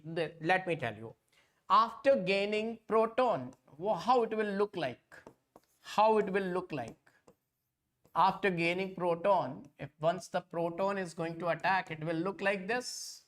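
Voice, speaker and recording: A man's voice: high voice, measured pace, a bit bright. A man teaching an online exam-prep lecture. He repeats points again and again and keeps calling his students kids.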